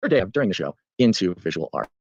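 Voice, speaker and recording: A man's voice: deep voice, very animated, quick pace, creaky, a little mellow, highs cut off. A man co-hosting a podcast, upbeat, who reads listener submissions aloud with a playful lilt. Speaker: podcast co-host. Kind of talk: casual chat and reading listener submissions.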